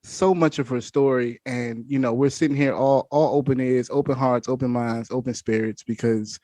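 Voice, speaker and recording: A man's voice: medium pitch, steady tone, moderate pace, dry recording. A young adult man hosting a podcast interview, chatting casually and enthusiastically, often repeating his words. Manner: warm, enthusiastic, repeats himself. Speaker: podcast host.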